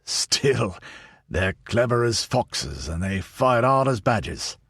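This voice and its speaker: A man's voice: lowish voice, big pitch swings, slow, a bit bright, husky, no echo, exaggerated voice. A man voicing an older veteran soldier, dry and derisive.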